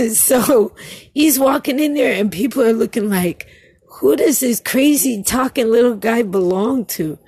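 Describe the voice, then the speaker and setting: A woman from Brooklyn leaving a casual voice message, telling an animated family story and laughing often. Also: medium pitch, slightly rough, no echo. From Brooklyn, New York.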